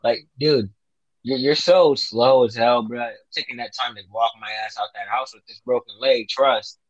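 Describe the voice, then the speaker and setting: A man's voice: mid-range voice, normal speed, no echo, highs cut off. A man in casual chat, animatedly retelling a horror movie, swearing a lot and acting out the characters' lines. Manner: profane, animated, acts out quotes.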